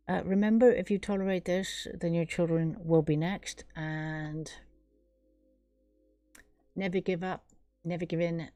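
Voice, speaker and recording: A woman's voice: fairly low pitch, steady tone, takes it slowly, long pauses, warm tone, no echo, soft background music. A middle-aged woman hosting a live stream, talking to her viewers in an earnest, rambling casual monologue.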